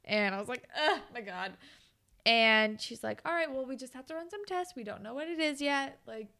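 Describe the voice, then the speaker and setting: Co-hosting a podcast, a young woman casually recaps TV scenes and acts out the characters' lines along the way. Her voice is high, bright and gravelly, with an animated, forceful tone at a moderate pace.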